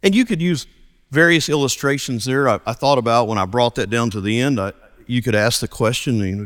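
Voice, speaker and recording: A man, a pastor preaching a sermon and telling stories with lively acted dialogue. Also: medium pitch, a little fast, big-room sound. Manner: animated storytelling, acts out dialogue.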